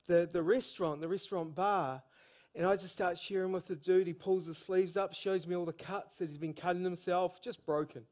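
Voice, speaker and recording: A man preaching a sermon in a church service, telling stories in a lively, slangy, evangelistic way. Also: high voice, normal speed. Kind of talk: sermon storytelling.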